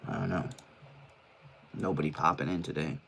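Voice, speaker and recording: A man's voice: very deep voice, steady tone, normal speed, fairly bright tone, a little hiss or hum. A man live streaming from his room in casual chat, laid-back and rambling, swearing freely and short of breath. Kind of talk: casual solo livestream chat. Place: his own room, indoors.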